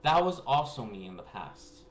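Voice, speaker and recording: A man telling a rambling personal story to his viewers. He laughs often and swings between hushed asides and excited bursts. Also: mid-range voice, normal speed. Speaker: spiritual reader and vlogger. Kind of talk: casual rambling storytelling to camera. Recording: echoey room with faint background noise.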